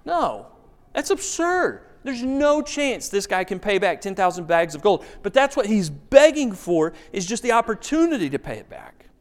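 A man's voice: high-pitched, big pitch swings, moderate pace. A man preaching a sermon as pastor, telling a story with emphasis and asking rhetorical questions. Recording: long reverb of a large hall.

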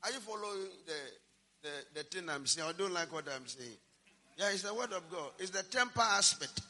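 A pastor preaches with a very high, sharply bright and slightly husky voice. He swings from hushed asides to shouted emphasis. His words ring out with the long reverb of a big hall. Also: expressive, normal speed. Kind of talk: sermon.

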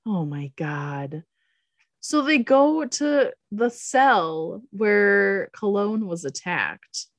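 A podcast co-host recaps a movie plot in casual chat, speaking extremely slowly with a medium-pitched, lively voice and no echo. She laughs often and acts out the quoted lines.

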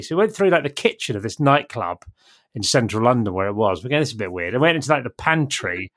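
A middle-aged man guest telling a story in casual chat, animated and acting out the voices of the people in it. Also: mid-range voice, fast talker. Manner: animated, acts out quoted voices. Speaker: podcast guest telling an anecdote.

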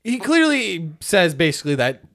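A man's voice: high voice, normal speed. A young man co-hosting a podcast, recapping a game in casual, profane chat full of "like" and "uh". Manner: animated retelling, swears freely, hedges with "like" and "uh". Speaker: podcast co-host.

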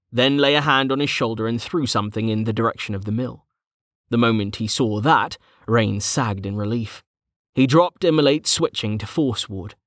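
A man narrating a fantasy novel in a steady, measured storytelling voice. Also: medium pitch, no echo, clean studio sound. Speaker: audiobook narrator.

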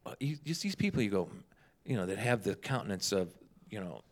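A guest sharing ministry stories chats casually, his fairly low voice running a little fast. He's a humorous, animated storyteller who acts out the dialogue of the people he describes.

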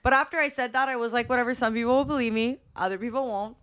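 A woman's voice: on the high side, steady tone, very fast, a bit bright. Chatty young woman, laid-back banter. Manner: chatty, full of "like", playful banter. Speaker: podcast co-host. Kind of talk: casual chat.

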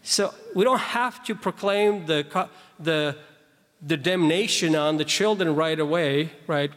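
A man's voice: on the high side, unhurried, a bit bright. A man preaching a sermon, explaining scripture verses emphatically with conversational asides to the congregation. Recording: long reverb of a large hall.

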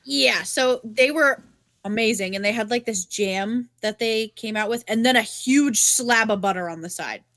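A young woman, co-hosting a podcast and telling stories in casual chat, swearing freely and animated. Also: a little high, moderate pace, no room sound. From New England. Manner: animated, swearing storyteller with many fillers. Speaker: podcast co-host.

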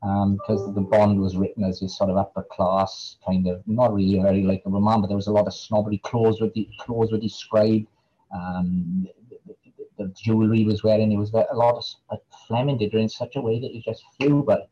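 A man's voice: fairly low pitch, little pitch movement, fairly quick, warm tone, breathy edge, muffled recording. A man with a Welsh Valleys accent, an author answering interview questions in a hesitant way, with lots of fillers and repeated words. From Wales. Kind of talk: casual interview chat.

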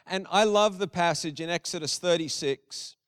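Middle-aged male pastor, high clear voice, dry and close, preaches casually with emphatic repetition. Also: moderate pace, fairly bright tone, no room sound. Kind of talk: sermon.

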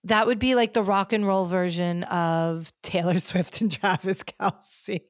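Chatty woman podcast host, low voice. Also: a little slow, no room sound, studio quality. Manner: chatty, animated storytelling with many fillers. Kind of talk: casual pop culture chat.

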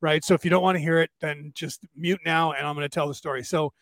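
A man's voice: a little high, steady tone, quick pace, fairly bright tone, dry recording. A man hosting a podcast, telling stories in a rambling casual way and checking in with "right?" a lot. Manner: rambling storyteller, keeps adding "right?". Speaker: podcast host. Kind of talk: casual chat. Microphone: camera.

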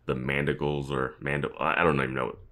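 A man's voice: very deep voice, little pitch movement, quick pace, fairly bright tone. A man co-hosting a casual podcast, picking apart a TV episode with wry remarks and frequent chuckles. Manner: wry, analytical, chuckles often. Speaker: podcast co-host. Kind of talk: casual chat recapping a TV episode.

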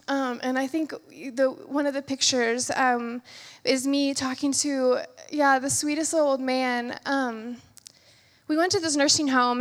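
A young woman tells her story to a church in an earnest, halting way, full of little fillers and asides. Her voice sits high and bright. It carries with a long reverb, as if heard in a big hall. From United States. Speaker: medical student sharing a testimony. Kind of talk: church testimony.

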